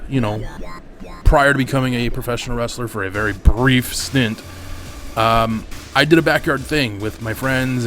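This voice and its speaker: A man hosting a gaming channel, telling a long personal story over his gameplay in a candid, swearing, rambling way, on a desk mic at home. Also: medium pitch.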